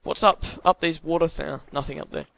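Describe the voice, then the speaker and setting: A man's voice: on the high side, fairly quick, creaky, a bit bright. An English man hosting a let's play, chatting casually and teasing his co-player. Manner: joking, teasing banter. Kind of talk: casual gameplay chat.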